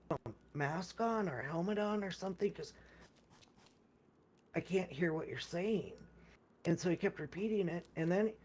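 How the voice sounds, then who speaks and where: A gamer telling a long story about a game session in an easy, casual way. The talk rambles and often restarts, with repeated words. Others' lines are acted out in quoted speech, and the voice sits at an average pitch. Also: darkish tone.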